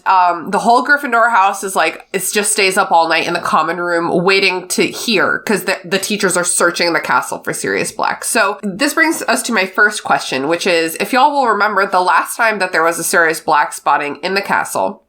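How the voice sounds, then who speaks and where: Congested woman podcast host, bright and chatty, casual swearer. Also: on the low side. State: congested from allergies. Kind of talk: casual chat.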